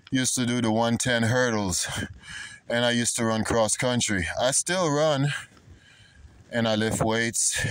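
Middle-aged Jamaican-born man, Jamaican-American accent, relaxed outdoor ride vlog, drawling pace. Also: medium pitch, smooth. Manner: rambling, greets passersby. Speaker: vlogger. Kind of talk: casual talk while cycling. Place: outdoors in a park on a bicycle.

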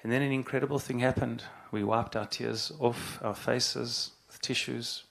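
A middle-aged man, a rabbi, giving an earnest, halting spoken address and repeating phrases for emphasis. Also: mid-range voice, fairly even intonation, vocal fry, a bit bright.

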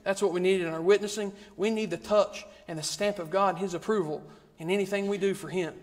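A man's voice: sits high, fairly even intonation, fast. Male preacher, rhythmic repetitive sermon, echoing church hall. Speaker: guest preacher. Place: church sanctuary. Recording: long reverb of a church hall.

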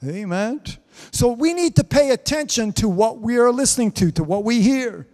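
High-voiced man preaching with fervor. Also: animated, normal speed, a little mellow. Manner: fervent, peppered with amens and hallelujahs. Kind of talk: live-streamed sermon. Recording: reverberant hall sound.

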